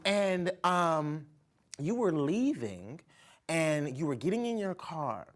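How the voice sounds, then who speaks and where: A woman hosting a talk show, telling stories in an excitable, animated way. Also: low voice, takes it slowly. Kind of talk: casual chat.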